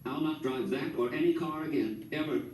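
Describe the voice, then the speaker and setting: A man doing a nervous, genteel lady whose voice rises high and breaks with feeling. She swings between excitement and tears. The reading is mellow in tone and captured from a distance in a roomy space. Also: brisk, slight background noise, close to an everyday voice. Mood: firm. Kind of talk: audiobook character voice.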